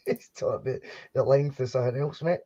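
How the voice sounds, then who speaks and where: This podcast co-host has a warm, mid-range voice and a moderate pace. Broadcasting live from a home studio with dull lo-fi audio, he rambles chattily about football kits, frequently starting his sentences over.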